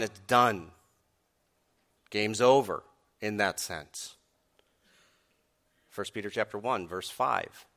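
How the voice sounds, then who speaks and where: Bright-voiced man preaching a sermon. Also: mid-range voice. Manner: emphatic, rising to forceful peaks on key points. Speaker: pastor.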